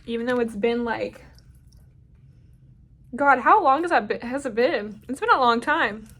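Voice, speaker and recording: Young woman with a high voice, telling a storytime, super animated and sweary. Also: moderate pace, pauses often, slight background noise. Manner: animated, profane, dramatic storytelling. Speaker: vlogger. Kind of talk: storytime vlog.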